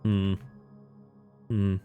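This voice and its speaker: A man streaming live and chatting casually with his viewers, animated, often breaking into high squeals and laughter. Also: drawn-out words, smooth, narrow, tinny audio, faint music behind. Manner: chatty, thanks viewers warmly.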